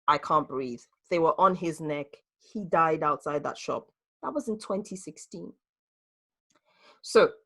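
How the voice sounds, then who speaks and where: A woman hosting a group discussion on a video call, talking earnestly and reflectively, sometimes pausing to find her words. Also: lowish voice, a bit bright. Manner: earnest and reflective, hesitant with restarts. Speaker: host leading a group discussion.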